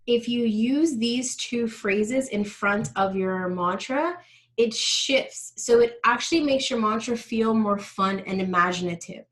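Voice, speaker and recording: A woman's voice: on the high side, measured pace, a bit bright, rough recording. A woman teaching a live online workshop on money mindset, explaining steps and speaking directly to her audience.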